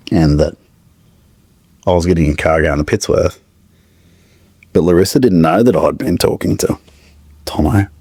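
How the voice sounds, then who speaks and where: Gravelly low-voiced man. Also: darkish tone, no room sound. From Australia. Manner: halting, searching for words, with restarts. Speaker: podcast guest. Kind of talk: emotional personal storytelling.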